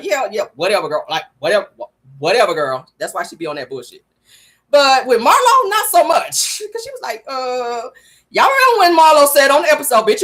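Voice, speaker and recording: A woman's voice: a little high, pushed and bright. A woman vlogger giving sassy, blunt gossip commentary from her car, laughing often and swearing freely. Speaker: vlogger and show host.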